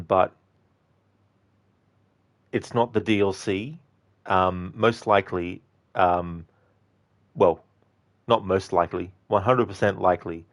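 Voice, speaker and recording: A man chatting casually on a game livestream, thanking viewers by name and rambling through asides. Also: low voice. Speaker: game streamer.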